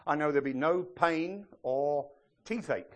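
A man's voice: fairly high pitch, measured pace. A man preaching a sermon to a congregation, often checking in with them and joking as he goes. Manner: lively preacher, asks the congregation questions, jokes and laughs. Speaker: pastor.

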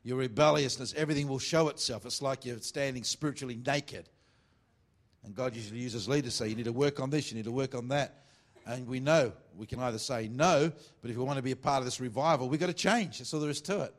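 Man, pastor, sermon, mid-range voice, teasing jokes, emphatic preaching, slow scripture reading. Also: medium pitch. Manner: jokey, teasing asides to the congregation between emphatic preaching; reads scripture slowly and deliberately.

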